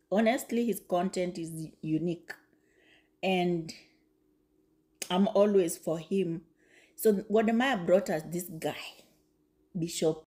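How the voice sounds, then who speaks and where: A woman's voice: lowish voice, mellow. A woman giving casual commentary to camera, emphatic and repeating herself, with frequent exclamations. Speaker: video commentator.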